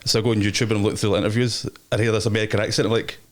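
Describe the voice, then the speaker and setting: A young Scottish man chats fast in a low voice, slangy and rambling, laughing often as he tells stories. He speaks as a guest in a casual interview. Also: flat delivery.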